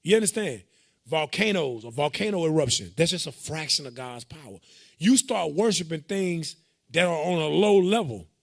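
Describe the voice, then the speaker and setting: A man's voice: on the high side, lively intonation, normal speed, gravelly. A man casually teaching scripture to a class, explaining verses with loose, joking asides.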